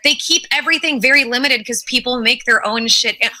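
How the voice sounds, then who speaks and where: A woman with a high, very bright voice, talking casually on an online panel. She tells stories in an animated way, laughs, and swears now and then. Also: a little fast, rough recording. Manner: laughing, animated storytelling with profanity.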